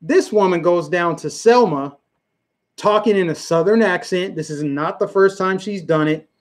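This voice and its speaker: A man with a fairly high voice hosts a live political commentary stream. He hammers his points home emphatically and keeps repeating them. Between points he talks directly to the people in his chat. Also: moderate pace. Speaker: livestream host.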